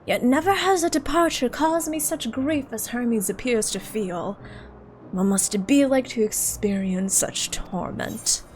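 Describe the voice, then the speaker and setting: A woman reading a calm, wry ancient male scholar from a game aloud, in an unhurried, measured way. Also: a little high, lightly acted. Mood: musing.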